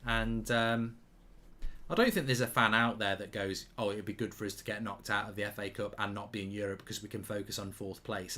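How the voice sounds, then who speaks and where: A man's voice: lowish voice, fairly bright tone. A man giving casual, jokey live football commentary and reading out viewer comments.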